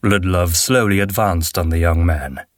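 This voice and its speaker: A man narrating a fantasy audiobook in a steady, measured way. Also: deep voice, dry recording, clean studio sound. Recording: narration with faint background music.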